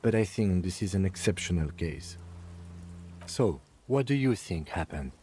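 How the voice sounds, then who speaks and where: An actor voicing a composed police lieutenant in a video game, speaking in a measured, formal way. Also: male voice, deep voice, very animated, warm tone, slight background noise. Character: reserved middle-aged police lieutenant, composed.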